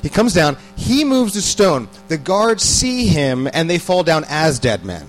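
A man's voice: on the high side, big pitch swings, measured pace, faint music behind, rough recording. A man and parent giving a casual, conversational sermon, often repeating words and putting questions to his listeners. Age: adult parent. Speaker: preacher.

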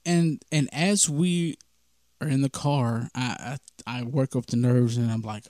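A man's voice: mid-range voice, unhurried, no room sound, clean studio sound. Man telling a story. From Mississippi, USA. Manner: animated, acts out the dialogue of his story. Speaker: podcast host. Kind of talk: casual storytelling.

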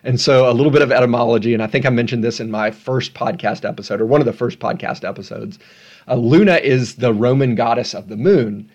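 A man's voice: medium pitch, a little fast, a little mellow. A man hosting a solo podcast at home, talking casually with rambling, self-deprecating asides. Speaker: podcast host.

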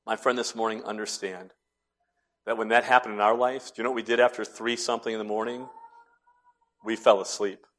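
A middle-aged male pastor preaching a sermon, moving between hushed, near-whispered lines and loud, emphatic declarations. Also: fairly low pitch, level tone, fairly quick.

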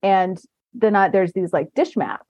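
A woman hosting a casual podcast chat, wandering from one anecdote to the next and laughing often. Her voice sits at an ordinary middle pitch. The recording is dull and lo-fi, with a dead, dry sound. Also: expressive, unhurried, no echo. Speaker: podcast host.

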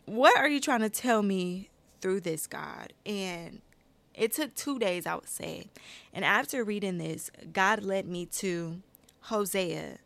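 A woman talks through her Bible study, mid-pitched and animated, often calling her listeners y'all. She reads scripture aloud and her voice swells with emphasis on key lines. The sound is dry and close, with no room echo. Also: slow pace, vocal fry. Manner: speaks with her hands and addresses viewers as y'all. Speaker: Christian video creator. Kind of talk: personal Bible-study talk to camera.

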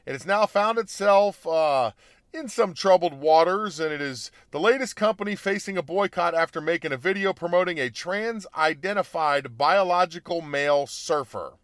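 Heated ranting man with a high voice. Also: animated, normal speed, dry recording, studio quality. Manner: heated, mocking, repetitive, with stumbles and restarts; bursts into loud emphatic peaks. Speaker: commentary show host. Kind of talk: ranting political commentary.

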